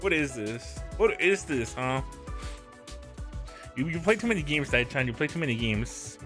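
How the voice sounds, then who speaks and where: A man's voice: fairly high pitch, animated, moderate pace, a bit bright, soft background music. A man streaming a game, talking casually, joking and swearing in mock outrage. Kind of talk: casual gaming commentary.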